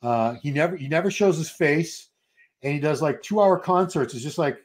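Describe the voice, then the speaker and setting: A man's voice: a little high, lively intonation, normal speed. A middle-aged man hosting a casual livestream chat, rambling through stories. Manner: chatty, rambling storyteller. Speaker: host.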